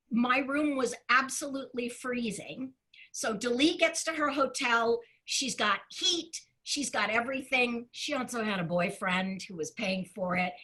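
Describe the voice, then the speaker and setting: A Broadway performer telling an animated story with a lot of expression, acting out the voices of the people in it. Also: female voice, on the high side, poor audio. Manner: expressive storyteller who acts out quoted voices, often laughing.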